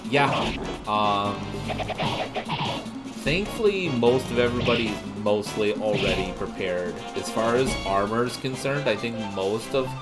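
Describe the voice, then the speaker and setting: A man casually thinking aloud while commenting on a game he is playing. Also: fairly low pitch. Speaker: let's play host. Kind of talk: gameplay commentary. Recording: game music playing under the voice.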